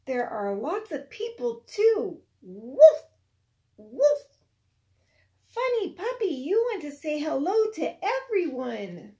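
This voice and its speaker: A woman teacher with a very high, light voice reads a picture book aloud to a young child. She takes her time, gentle and sing-song, and talks to the child with patient encouragement. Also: sing-song, a little slow, few pauses.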